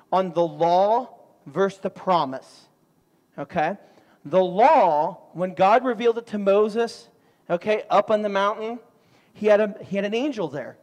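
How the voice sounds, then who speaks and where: Man, high voice, lively sermon storytelling, long reverb of a church hall. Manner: animated storytelling with sudden loud outbursts. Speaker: pastor.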